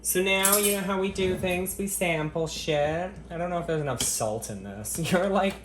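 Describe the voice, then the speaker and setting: A man's voice: high-pitched, normal speed, hardly any pauses, fairly bright tone, a little hiss or hum. A man doing a casual kitchen vlog at home, joking crudely and profanely to the camera, murmuring happily as he tastes his cooking. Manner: tasting food between lines with appreciative murmurs. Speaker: cooking vlogger. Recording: echoey kitchen.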